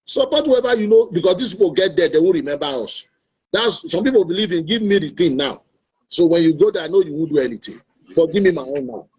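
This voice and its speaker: A man's voice: fairly high pitch, expressive, quick pace, a little mellow, slightly rough. A Nigerian man hosting an online talk show, earnest and preachy, repeating his points. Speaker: show host. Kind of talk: opinionated talk-show monologue. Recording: dull lo-fi online stream audio.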